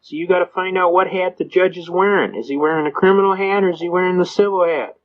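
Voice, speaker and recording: A man's voice: sits high, fast talker, muffled recording. Folksy man telling courtroom stories. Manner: folksy, animated, acts out quotes, laughs often. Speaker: speaker on constitutional law. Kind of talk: storytelling lecture.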